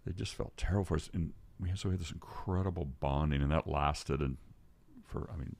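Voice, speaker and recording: A man's voice: deep voice, brisk, creaky, a little mellow. An older man telling a story as a podcast guest, rambling and restarting his sentences. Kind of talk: storytelling in casual conversation.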